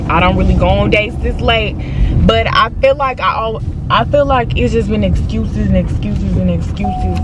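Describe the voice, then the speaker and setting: A woman in her twenties chatting casually to her phone camera from a car, blunt, profane and playfully trash-talking. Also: medium pitch. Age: 20s. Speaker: vlogger. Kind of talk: casual vlog chat. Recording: clear car and road noise.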